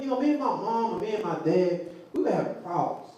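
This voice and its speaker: A man teaching the Bible to a group, animated and laughing, often asking the crowd questions. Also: high voice, a little fast. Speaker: preacher. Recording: echoey room from far off, faint noise.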